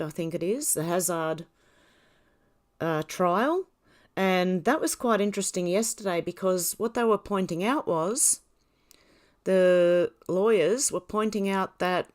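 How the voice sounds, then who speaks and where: A woman hosting a casual livestream, greeting viewers by name in a chatty way with frequent ums and small laughs. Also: mid-range voice. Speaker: livestream host.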